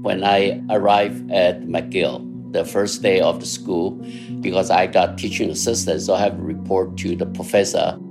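Older man, Taiwanese accent, low voice, hesitant interviewee, music bed. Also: steady tone. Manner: halting, unhurried, many fillers. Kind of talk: recalled interview.

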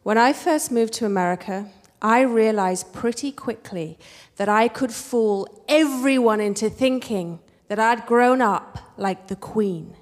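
A woman with an English accent telling a personal story on stage in a wry, expressive way. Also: fairly high pitch, a little slow, big-room sound. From England. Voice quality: wry, expressive, switches between posh and street voices.

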